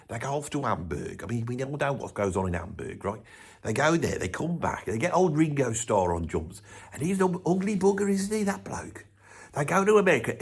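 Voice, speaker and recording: A man's voice: on the high side, husky, full character voice. A man playing a grumpy older man from Birmingham with a Birmingham accent, ranting bluntly and swearing in a comic monologue. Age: 70s. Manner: blunt, grumbling, swears constantly. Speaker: comic character.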